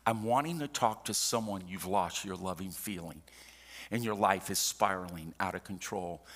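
A man's voice: low voice, moderate pace, a bit bright. An older man preaching a sermon as pastor, building in intensity and calling for amens. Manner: preaching with rising intensity, calls for amen. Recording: echoey church hall with live band.

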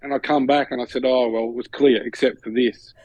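A brisk, medium-pitched man speaks with no room sound and dull audio. He's an Australian podcast co-host spinning a story in casual chat, animated as he imitates the people in it, laughing along.

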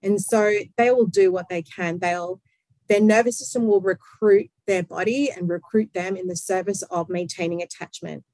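A woman explaining psychology in conversation, talking fast and acting out little quotes. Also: mid-range voice, fairly even intonation, a little mellow, no room sound, rough recording.

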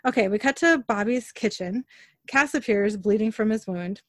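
A woman's voice: mid-range voice, normal speed, a bit bright, no echo, clean studio sound. A woman casually recapping a TV episode, narrating scenes and quoting characters' lines in her own voice. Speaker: podcast host recapping an episode.

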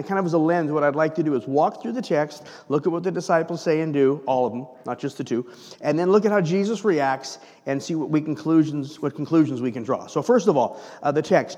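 A male pastor delivers a sermon in an easy, conversational way, often tossing "right?" to the room. His voice sits a little high for a man. The sound carries a long reverb from a church sanctuary. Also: animated, a little fast, darkish tone.

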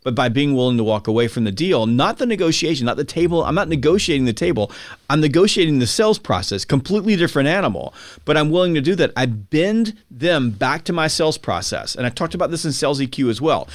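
A man as a podcast guest, explaining with emphatic energy and acting out buyers and sellers in quick quotes. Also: on the high side, sing-song, dry recording, studio quality. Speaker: podcast guest, sales author. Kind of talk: conversational explaining.

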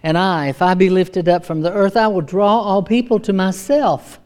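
A woman voicing Jesus as a troubled, burdened man, speaking softly and subdued. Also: medium pitch, fairly even intonation, normal speed, close to an everyday voice.

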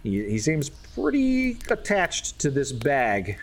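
A man's voice: medium pitch, huge pitch swings, slow. A man narrating a tabletop game as game master, loose and casual, with some swearing.

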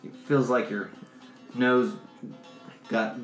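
Game master man, relaxed storyteller, echoey room, soft music underneath. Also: medium pitch, takes it slowly. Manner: relaxed, laughs often, loose descriptive storytelling. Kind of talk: narrating a tabletop game. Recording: roomy echo, faint music behind.

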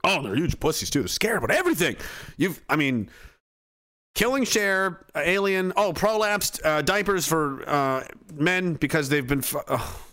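A man hosting a live stream, giving loud, profane, mocking commentary. He often shouts and laughs. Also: on the high side, lively intonation, moderate pace.

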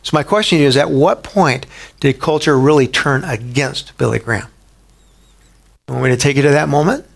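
A man preaching a sermon in a conversational way, asking the listeners rhetorical questions and rising sharply in pitch for emphasis. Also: normal speed, creaky. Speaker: pastor.

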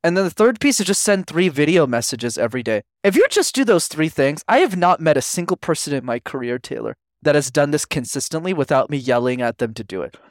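A podcast guest, a man with a fairly high voice that leaps up and down as he talks. He coaches with energy and acts out small exchanges. The sound is dry and close. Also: brisk, hardly any pauses, no echo. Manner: energetic, animated, acts out quotes. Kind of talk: podcast interview.

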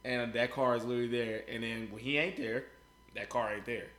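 A man's voice: mid-range voice, fairly even intonation, a little fast, fairly bright tone, echoey room. A man co-hosting a podcast, talking in a blunt, profane, casual way. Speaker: podcast co-host. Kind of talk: casual chat.

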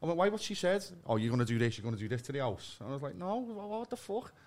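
A man's voice: medium pitch, sing-song, rapid-fire. A man, a podcast guest telling a story in blunt, sweary casual chat and acting out both sides of phone arguments.

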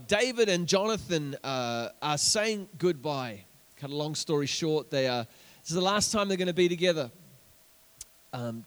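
A man with a New Zealand accent preaching a sermon as pastor, repeating words as he builds and calling out to the congregation. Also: high voice.

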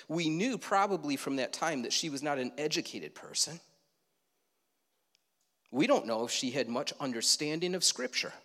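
In a church sanctuary with the sound of a large hall, a male pastor preaches from the pulpit. His voice is fairly high and fairly bright, and his conversational sermon includes questions to listeners and side remarks.

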